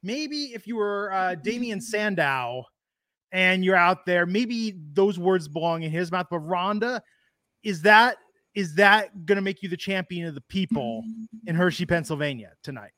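A high-pitched man co-hosts a casual chat. He riffs with a joking, sarcastic edge. His voice sounds dry and close, with no room around it. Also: expressive, moderate pace, pushed and bright, no room sound. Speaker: podcast co-host.

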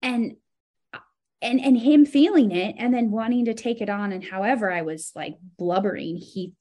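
Woman, interview guest, casual conversation, reflective, animated storytelling. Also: mid-range voice, normal speed. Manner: reflective, animated when telling stories. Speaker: podcast guest.

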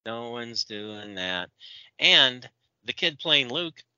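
A man's voice: medium pitch, animated, slow pace, pushed and bright, clear, resonant tone, no echo, muffled recording. A man co-hosting a podcast in casual chat, opinionated and ranting. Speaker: podcast co-host.

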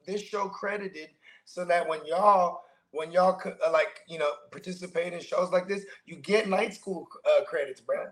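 A man's voice: high-pitched, moderate pace, fairly bright tone. A man from the Bay Area, co-hosting a casual show and telling stories in loose, profane slang. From San Francisco Bay Area. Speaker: podcast co-host. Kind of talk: casual chat.

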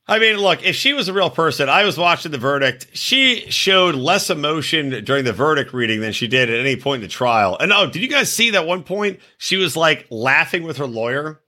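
A man hosting a crude comedic podcast chat, animated, mocking and swearing freely. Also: fairly high pitch, moderate pace.

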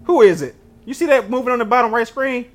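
A man from Detroit, giving joking, animated commentary while playing a video game. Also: very high voice, quick pace. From Detroit, USA. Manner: animated, joking, loud banter at the screen. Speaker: gaming video host. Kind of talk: gameplay commentary.

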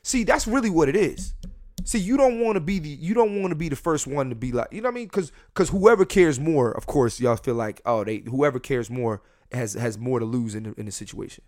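Rich: A man rants on his own podcast from a room at home, his pitch swinging widely as he gets going. He talks bluntly and swears freely, addressing the listeners directly. He often repeats words and restarts his sentences. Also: animated, a little fast, darkish tone. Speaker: podcast host. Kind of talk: casual solo podcast rant. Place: home room near a window.

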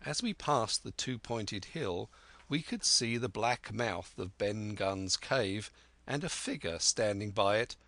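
A man narrating a classic adventure novel in a steady, clear reading voice. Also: medium pitch, no echo. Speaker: audiobook narrator. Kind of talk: scripted narration.

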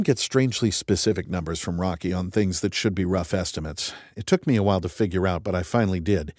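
A man's voice: on the low side, expressive, a little fast. A man reading a first-person audiobook in a dry, wry and methodical way. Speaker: audiobook narrator. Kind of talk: first-person scripted narration.

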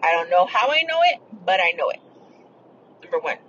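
A woman's voice: on the low side, sing-song, brisk, fairly bright tone, muffled recording, a little hiss or hum. A woman hosting a podcast, telling a personal story in a blunt, profane, rambling way. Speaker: podcast host. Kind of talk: casual storytelling.

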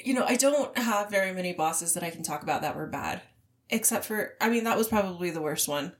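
A woman's voice: lowish voice, lively intonation, brisk. Supportive woman co-host reacting briefly. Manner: supportive listener with frequent short reactions. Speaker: podcast co-host. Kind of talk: casual chat.

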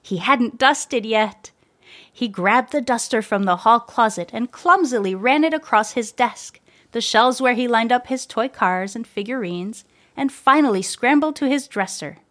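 Female storyteller, gentle and measured storybook reading, fairly high voice. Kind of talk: storybook narration read aloud.

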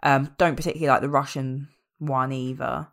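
A woman's voice: rumbling low, steady tone, brisk, fairly bright tone. A young woman in a casual podcast chat, blunt and opinionated, swearing freely. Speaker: podcast co-host.

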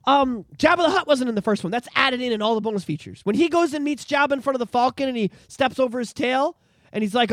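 High-pitched, excitable ranting man. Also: no room sound. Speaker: podcast host. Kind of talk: casual chat.

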